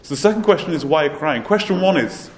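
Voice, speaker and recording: A man's voice: fairly high pitch, expressive, quick pace, slight background noise. Man telling a Torah lesson story. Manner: earnest storytelling with restarts. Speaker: Torah teacher. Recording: roomy echo, faint ambience.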